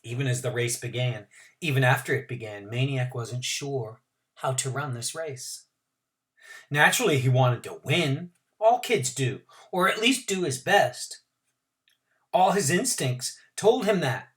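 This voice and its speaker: A man's voice: medium pitch, animated, a little slow, fairly bright tone. Male teacher, reads a novel aloud to students, stops for asides and explanations. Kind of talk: reading a novel aloud to a class.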